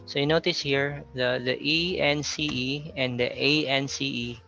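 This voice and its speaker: A man's voice: medium pitch, fairly even intonation, measured pace, gravelly, bright, forceful tone, muffled recording, faint music behind. A man from the Philippines with a Filipino accent, teaching an English pronunciation lesson and repeating example words as he explains them.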